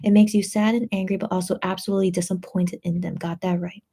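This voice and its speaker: A woman's voice: medium pitch, little pitch movement, quick pace, creaky, mellow, breathy edge. A woman hosting a late-night livestream, reading viewer comments aloud and chatting back in a rambling way, full of fillers and restarts, sounding tired and a little tipsy. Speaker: livestream host reading chat.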